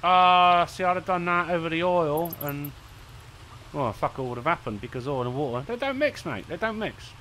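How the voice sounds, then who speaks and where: A man's voice: on the high side, expressive, normal speed, pushed and bright, slight background noise. A man streaming a video game, rambling, swearing and mocking himself as he plays. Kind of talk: let's play commentary.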